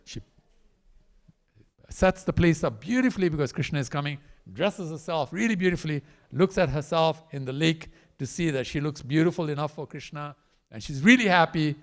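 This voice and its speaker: A man preaching a storytelling sermon in a temple hall, acting out the characters with animated delivery. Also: on the high side, moderate pace.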